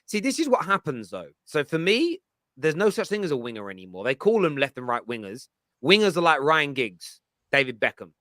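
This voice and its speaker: Bright, animated man. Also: fairly high pitch, fairly quick, no echo. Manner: animated, teasing. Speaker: panel host. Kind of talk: casual football chat.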